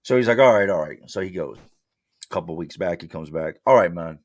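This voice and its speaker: A man's voice: low-pitched, animated, fast talker, no echo. A man being interviewed, telling his story bluntly in street slang and acting out his past exchanges. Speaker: interview guest. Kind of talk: candid storytelling.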